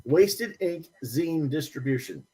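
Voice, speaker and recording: A man hosting a casual chat over a video call, with relaxed, jokey asides. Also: a little high, takes it slowly, breathy edge. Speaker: host.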